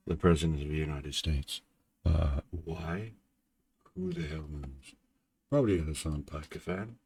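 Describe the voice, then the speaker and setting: A gaming channel's host rambles through a casual vlog chat, deep-voiced and groggy in the morning after too little sleep, tossing in dry asides. There's a little hiss or hum in the audio.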